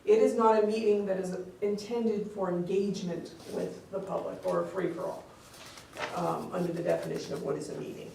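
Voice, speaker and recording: A woman's voice: mid-range voice, steady tone, brisk, gravelly, mellow, far from the mic, a little hiss or hum. A woman giving a conversational training talk on meeting rules, explaining step by step and acting out little quoted exchanges. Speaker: open meeting law trainer. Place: district office meeting room. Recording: very echoey room, picked up from afar.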